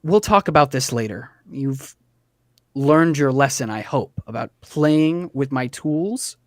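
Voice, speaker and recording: A man doing a kind, slightly nervous father who speaks earnestly and stumbles over his words. The tone sits at middling pitch with a dry, close sound. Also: animated, no room sound, close to an everyday voice. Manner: earnest and hesitant, halting restarts.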